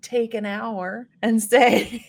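A woman's voice: on the high side, fairly even intonation, very slow, gravelly. Woman running a tabletop game. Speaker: game master. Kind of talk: casual game narration.

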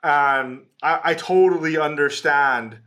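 A man's voice: fairly high pitch, slow pace. A man hosting a casual conversation, talking loosely with many fillers and asides. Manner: relaxed, filler-heavy chat.

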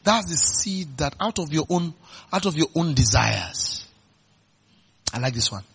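A male pastor with a Nigerian accent preaching a sermon. He keeps asking the congregation questions and swings between loud emphatic bursts and quiet, low asides. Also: big pitch swings, measured pace, creaky, slightly rough. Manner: call-and-response questions to the congregation.

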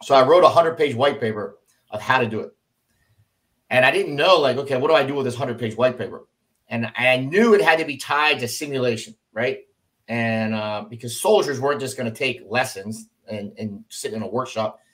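Middle-aged man, ex-officer, casual storyteller; mid-pitched, animates quoted lines with sudden pitch leaps. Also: fairly quick. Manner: animated, acts out quoted dialogue with jumps in pitch. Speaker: former army officer telling his story.

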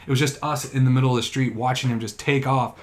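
A man's voice: medium pitch, fairly even intonation, fast. A man chatting casually on a podcast, telling long, rambling anecdotes packed with swearing. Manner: profane, rambling storyteller. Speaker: podcast co-host or guest.

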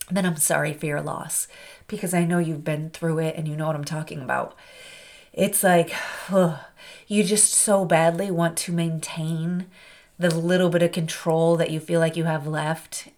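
A woman with a slightly low voice talks straight to her podcast listeners in a personal, confessional way. She is candid and heartfelt, and her sentences ramble and circle back on themselves. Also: darkish tone. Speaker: podcast host.

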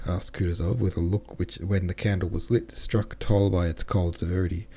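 A man reads a classic novel aloud for his podcast, in a deep, low voice with a mellow, soft tone. The delivery is plain and steady, broken now and then by casual self-corrections and offhand asides. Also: brisk, hardly any pauses. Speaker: podcast host and audiobook reader.

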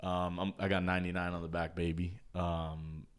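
A young man, telling a story in casual chat, swearing and excitable. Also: deep voice, normal speed, smooth. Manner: excitable, swears a lot, laughs mid-story.

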